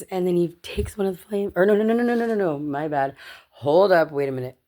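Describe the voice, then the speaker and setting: A woman's voice: sits low, brisk, dark tone. A woman vlogger telling a personal story casually to her viewers, chatty and swearing, often laughing and calling them "you guys.".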